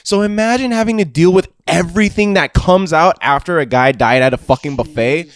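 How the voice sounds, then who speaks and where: Slightly high-voiced young man telling a story. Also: brisk. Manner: profane, animated, laughing through the story. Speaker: podcast host. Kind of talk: casual storytelling chat.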